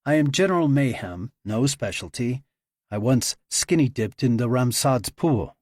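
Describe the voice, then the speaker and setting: A man voicing a cocky young male agent in his mid-twenties who jokes and pushes, his pitch raised. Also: animated, measured pace, darkish tone, dry recording, clean studio sound. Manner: joking, cocky.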